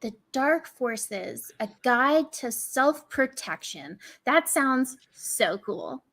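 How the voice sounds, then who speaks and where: A woman's voice: very high voice, moderate pace, voice pushed up, heavily acted. A woman doing a bubbly clumsy young girl. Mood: eager. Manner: excitable, gushing.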